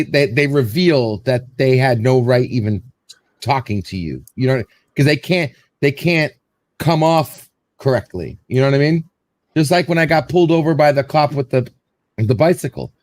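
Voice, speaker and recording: A man's voice: medium pitch, a little mellow, dry recording. A man hosting a casual show, telling a story in a rambling way and acting out what people said. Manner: rambling storyteller, repeats words, acts out quotes. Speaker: show host.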